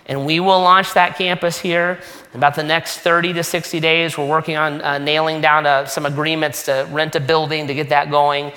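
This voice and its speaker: A male pastor speaking to his church in an easygoing, joking way. His voice is bright and sits a little high. It carries a long reverb from a large church hall. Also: flat delivery, normal speed. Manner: casual, joking, conversational preaching. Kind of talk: sermon announcements. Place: church sanctuary.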